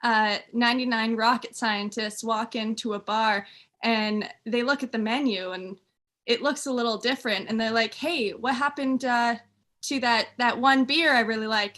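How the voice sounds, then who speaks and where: Woman, improv player, bright and a little high, voices the punchlines. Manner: acts out quoted voices in the jokes. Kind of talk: telling quick jokes.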